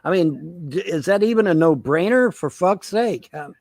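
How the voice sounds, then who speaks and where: A man's voice: high-pitched, lively intonation, moderate pace, a little mellow, dry recording. Profane rambling man, dry close sound. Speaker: livestream co-host. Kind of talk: casual livestream chat.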